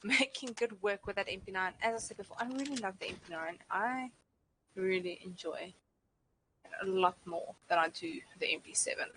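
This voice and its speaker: A woman's voice: medium pitch, normal speed, fairly bright tone, poor audio. South african woman casting esports, chatty, reads chat out, faint hiss and clicks. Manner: chatty, code-switches, reads chat aloud. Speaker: esports caster. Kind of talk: live game commentary. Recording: faint background noise and clicks.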